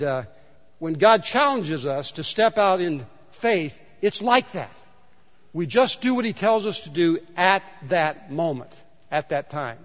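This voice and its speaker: A man preaching a sermon in a church sanctuary, telling stories in a conversational way and repeating key points for emphasis. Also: high voice. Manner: conversational storytelling with emphatic repetition. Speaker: pastor. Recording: dull sound with long hall reverb.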